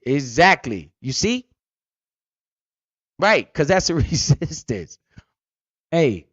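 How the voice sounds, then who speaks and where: A man's voice: medium pitch, animated, unhurried, long pauses, a bit bright, no room sound, dull audio. A man hosting a casual crypto livestream, telling stories animatedly with lots of slang and swearing. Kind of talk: casual profane livestream talk.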